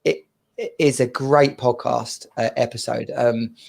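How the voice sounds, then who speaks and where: A man in his thirties co-hosting a casual chat show, telling stories in an animated way and laughing often. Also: mid-range voice, a little slow, gravelly. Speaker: podcast co-host.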